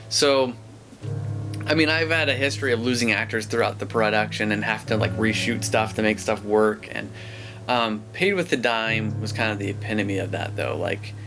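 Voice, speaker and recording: A man's voice: fairly low pitch, normal speed, vocal fry, over music. A man, a filmmaker interviewee, telling a casual anecdote in a rambling way full of fillers. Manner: rambling, filler-heavy storytelling.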